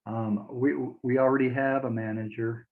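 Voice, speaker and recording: A man's voice: mid-range voice, little pitch movement, moderate pace. A man interviewing a songwriter in a casual chat, encouraging him and laughing often. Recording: tinny phone-line audio.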